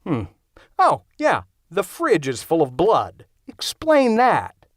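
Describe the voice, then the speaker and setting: A man voicing a deadpan, sarcastic young man who doubts everything, in a lively audiobook reading. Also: high voice, slow pace, dry recording, voice pushed up, heavily acted. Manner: dry, sarcastic.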